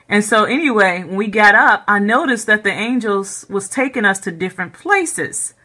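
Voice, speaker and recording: Bright-voiced woman telling a dream. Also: mid-range voice. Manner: animated storytelling with many fillers and repeats. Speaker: dream recounter. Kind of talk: casual dream retelling.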